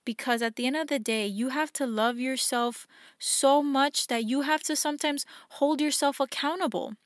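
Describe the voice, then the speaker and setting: A woman's voice: high-pitched, normal speed, no room sound, clean studio sound. A young woman hosting a reflective solo podcast, talking in an earnest, encouraging way and acting out the voices in her head. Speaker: podcast host.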